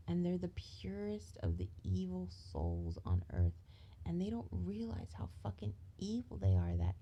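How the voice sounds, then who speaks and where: A woman's voice: on the low side, vocal fry, warm tone, a little hiss or hum. A tired woman venting in a rambling, profane rant that often drops to a whisper.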